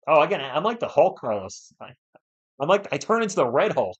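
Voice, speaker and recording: A man from New England hosting a live sports stream, giving play-by-play and answering viewers in an excitable, fired-up way. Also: on the high side, a little fast, husky, dull audio. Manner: excitable, fired-up, talks straight to chat viewers. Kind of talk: live play-by-play commentary and chat replies.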